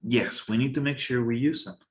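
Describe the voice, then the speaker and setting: A man teaching an English pronunciation lesson in a casual, halting way, checking in with his students. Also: medium pitch.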